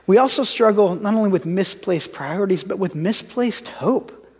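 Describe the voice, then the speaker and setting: A man's voice: sits high, expressive, moderate pace, a little mellow, husky. An American man in his thirties, preaching a sermon and telling stories, often repeating words as he restarts his sentences. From United States. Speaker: pastor. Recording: long hall reverb.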